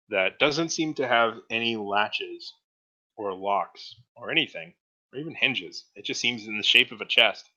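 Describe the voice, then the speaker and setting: A man narrating as game master in a relaxed, hesitant way with many fillers. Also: on the low side, highs cut off.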